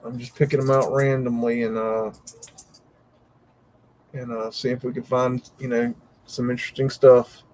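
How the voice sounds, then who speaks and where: A man's voice: medium pitch, flat delivery, normal speed, long pauses, a little mellow, rough recording. Brief: male host, live reaction commentary, exclamatory and rambling, easily amazed. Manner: exclamatory, frequent mild swearing, thinking aloud.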